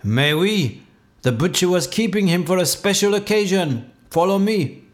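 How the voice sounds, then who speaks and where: A worried, earnest village mayor from a storybook, pleading and sorrowful, as a man puts him on. His voice sits raised and high coloring his English. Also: expressive, normal speed. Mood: reassuring.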